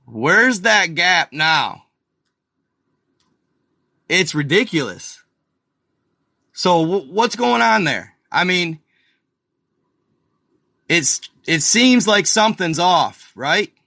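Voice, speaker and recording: A man with a fairly high, bright and forceful voice talks slowly through a casual screen-share commentary, calling his viewers "y'all" and restarting his sentences. He sounds close to the mic in a dry, quiet room. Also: big pitch swings, gravelly, no echo. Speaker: video host.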